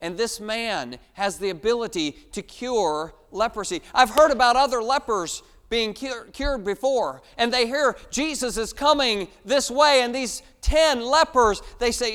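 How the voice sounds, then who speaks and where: Male preacher, emphatic, loud-to-hushed swings, resonant high voice, big reverberant room. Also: moderate pace, hardly any pauses, clear, resonant tone. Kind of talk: sermon. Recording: long hall reverb.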